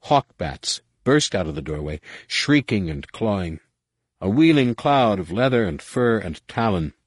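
A man reading a dramatic novel aloud in a measured storytelling manner. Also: lowish voice, big pitch swings, no echo. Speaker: audiobook narrator. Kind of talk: scripted narration.

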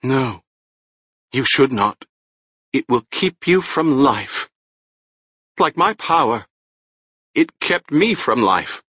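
A man voicing a ragged, half-mad old woman with a hoarse, shrill voice and a rambling, fearful way of speaking. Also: expressive, slow pace, long pauses, bright, forceful tone, no room sound, muffled recording, heavily acted. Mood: hoarse, haunted.

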